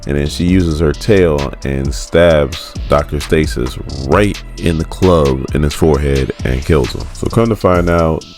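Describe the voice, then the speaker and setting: A man's voice: extremely low pitch, a little slow, few pauses, darkish tone, faint music behind. A man casually recapping a comic book story, chatty and laughing often as he loosely retells the characters' lines.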